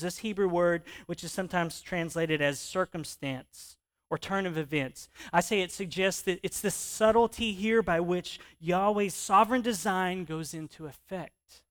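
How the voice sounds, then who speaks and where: A man preaching a sermon in a conversational, animated way, often asking his listeners questions. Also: sits high. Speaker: pastor.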